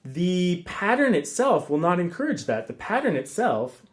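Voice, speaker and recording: A man teaching a guitar lesson in a relaxed, casual way, counting rhythms aloud with frequent ums. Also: high-pitched, moderate pace. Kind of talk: casual instructional talk.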